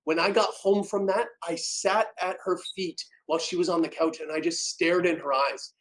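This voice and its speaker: Animated and dramatic, this man appears as a podcast guest, sharing an emotional story with big shifts in volume from loud to soft. He speaks at a normal speed in a high-pitched voice, captured on a rough recording.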